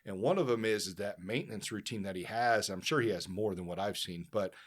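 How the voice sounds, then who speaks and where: Profane, rambling man, low voice. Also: brisk. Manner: loose, profane, rambling with many fillers. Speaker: podcast host. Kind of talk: casual chat.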